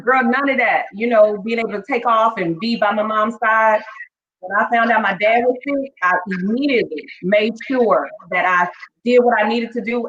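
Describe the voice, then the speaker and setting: A female teacher appearing as a guest tells her story in a chatty, heartfelt way, repeatedly calling the listener "girl." Her medium-pitched voice is a bit bright, and the recording has an echoey room and a dull lo-fi sound.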